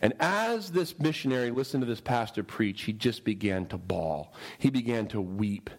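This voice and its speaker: A man's voice: mid-range voice, moderate pace, rough recording. A male preacher telling a humorous story in a sermon and asking his listeners questions. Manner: animated, humorous, asks the audience questions.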